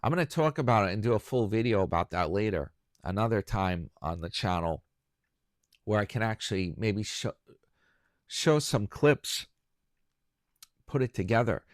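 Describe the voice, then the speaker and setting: A man's voice: lowish voice, dry recording, clean studio sound. A man hosting a casual solo chat for his viewers, rambling and chatty and joking at his own expense. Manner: rambling, chatty, self-mocking. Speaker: YouTube commentary host.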